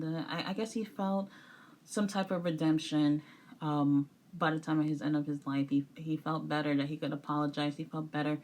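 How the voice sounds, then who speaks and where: A woman's voice: low voice, darkish tone. A young woman casually reviewing wrestling documentaries, rambling with lots of fillers and restarts.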